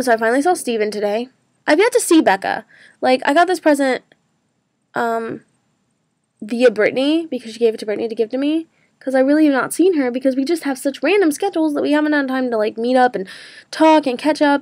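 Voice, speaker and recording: A woman's voice: high voice, a little mellow, no room sound, studio quality. A young woman in college, talking through her day in a rambling casual vlog full of "like" and "um". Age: young adult. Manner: chatty, rambling, lots of "like" and "um". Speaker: college student vlogger.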